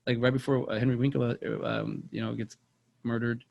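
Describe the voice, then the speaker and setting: A man's voice: mid-range voice, level tone, fairly quick, gravelly, darkish tone, muffled recording. A young man, rambling through a casual movie chat on a podcast and repeating words as he tells stories. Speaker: podcast co-host.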